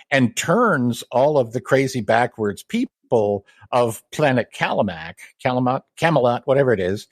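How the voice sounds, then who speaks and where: A man's voice: mid-range voice, no echo. A man co-hosting a podcast, chatting enthusiastically and explaining comic book trivia. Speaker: podcast co-host. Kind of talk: casual comic-book chat.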